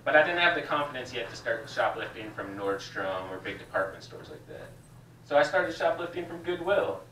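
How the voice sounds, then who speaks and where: A man's voice: mid-range voice, expressive, a little fast, bright, forceful tone. Roomy, distant male stand-up comic. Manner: loose, confessional storytelling with swearing. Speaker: stand-up comedian. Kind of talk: stand-up set. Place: small cafe comedy room. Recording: roomy, distant with faint room noise.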